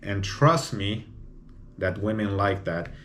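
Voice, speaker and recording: A man's voice: on the low side, takes it slowly, a bit bright, slight background noise. A man hosting a solo podcast, talking bluntly and opinionatedly, often tacking on "you know?". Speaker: podcast host.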